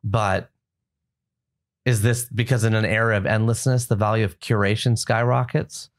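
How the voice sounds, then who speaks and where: A man's voice: on the low side, steady tone, moderate pace. A man hosting a podcast, asking curious, thoughtful questions in casual chat. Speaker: podcast host.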